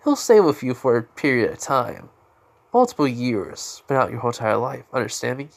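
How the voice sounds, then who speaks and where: An offhand male god of alchemy from a homemade fan story, speaking casually and calling the boy kid in a mid-pitched voice, as a man narrating puts him on. He sounds like an everyday man barely changing his voice. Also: animated, brisk, gravelly.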